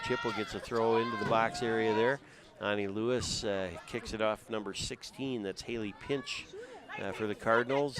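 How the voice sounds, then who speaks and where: A man doing steady, conversational play-by-play for a high school soccer game outdoors. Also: normal speed. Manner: steady, conversational, with frequent uh fillers. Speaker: play-by-play commentator. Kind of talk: live sports commentary. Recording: crowd noise in the background. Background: crowd noise.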